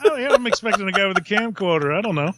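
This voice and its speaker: A man's voice: sits high, animated, very fast, noisy background. A man telling a long story in casual podcast chat, rambling and self-mocking, laughing often.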